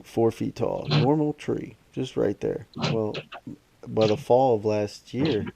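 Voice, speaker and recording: Gravelly low-voiced man chatting casually. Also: slow pace, dark tone, slight background noise. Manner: easygoing, profane. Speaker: podcast co-host. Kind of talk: casual chat.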